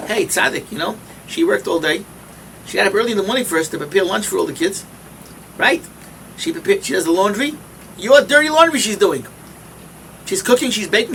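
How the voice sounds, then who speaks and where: An older man with a New York accent giving a sermon as a rosh yeshiva, animated, swinging from loud exclamations to hushed asides and mixing in Yiddish and Hebrew words. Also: sits high, gravelly. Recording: distant mic with light background noise.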